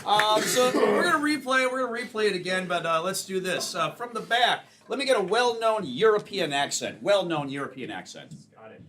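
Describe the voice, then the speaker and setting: A man's voice: high voice, expressive, a little fast, background noise. A man hosting a live improv show, taking audience suggestions in upbeat emcee patter. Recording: live stage with crowd laughter.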